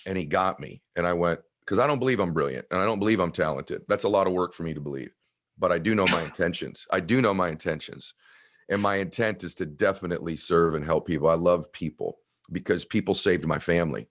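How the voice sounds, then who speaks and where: A man in his fifties with a deep, low voice. He tells personal stories in an earnest, heartfelt way, as a guest in a conversation. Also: fast. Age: 50s.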